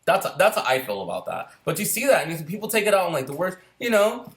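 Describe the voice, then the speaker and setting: A man's voice: sits high, very animated, fast talker. A man on a heated, profane casual rant, firing off rhetorical questions. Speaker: filmmaker sharing opinions. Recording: roomy echo.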